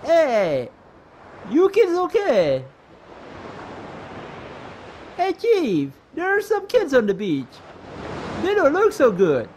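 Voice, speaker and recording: A man doing a loud beach rescuer calling out. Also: very high-pitched, huge pitch swings, slow, slight background noise, pitched above the performer's own voice, heavily acted. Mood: urgent.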